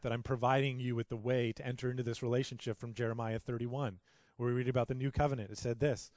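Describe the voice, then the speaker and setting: A middle-aged male pastor giving a sermon, building to loud, passionate peaks and falling back to a soft, quiet delivery. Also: no echo. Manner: builds to loud, high-pitched passion, then drops to soft.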